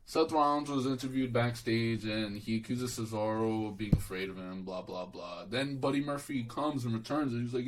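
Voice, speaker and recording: A man's voice: medium pitch, normal speed, few pauses, poor audio. A young man giving a casual solo wrestling show review, swearing and dismissive, rambling with restarts and calling the listener bro.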